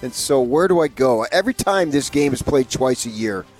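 A man's voice: medium pitch, lively intonation, moderate pace, darkish tone, soft background music. A man co-hosting a morning sports radio show, telling boastful jokes and stories. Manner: joking, boastful, storytelling.

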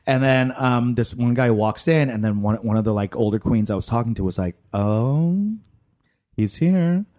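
Animated, frank male podcast storyteller. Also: on the low side, a little fast, hardly any pauses. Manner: animated, frank storyteller who acts out quotes. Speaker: podcast host. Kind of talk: casual storytelling chat.

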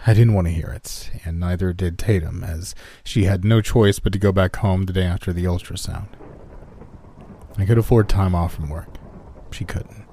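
A man reading a first-person horror story in calm, scripted narration, lifting his voice for quoted characters. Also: low-pitched, moderate pace, slightly rough.

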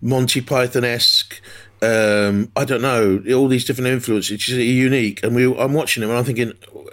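A man, a veteran football commentator, chatting on a podcast and telling a measured, unhurried story. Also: medium pitch, steady tone, fairly bright tone. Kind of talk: casual chat.

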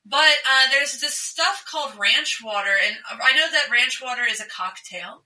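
A woman co-hosting a podcast in casual chat, laughing often and talking in an animated way. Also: high-pitched, moderate pace, reverberant, distant mic, low-quality recording. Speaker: podcast co-host.

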